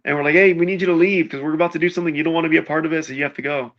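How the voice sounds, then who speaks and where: A man's voice: fairly high pitch, rapid-fire, lo-fi sound. A man telling a wild party story in casual chat, swearing freely and acting out what everyone said. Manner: animated, swears a lot, acts out quotes.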